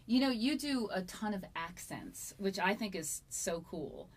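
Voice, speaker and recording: A woman's voice: mid-range voice, very animated, unhurried. A woman interviewing an audiobook narrator, friendly and encouraging as she asks follow-up questions. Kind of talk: conversational interview.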